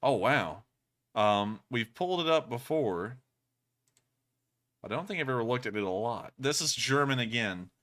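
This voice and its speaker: A man hosting a casual livestream, answering donations and reacting with excitable, rambling chatter full of fillers. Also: mid-range voice, normal speed, long pauses.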